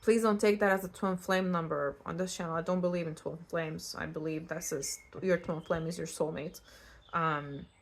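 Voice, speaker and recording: A young woman from Eastern Europe giving a casual pick-a-card tarot reading, chatty and animated and prone to tangents. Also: fairly low pitch, normal speed, vocal fry. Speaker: tarot reader.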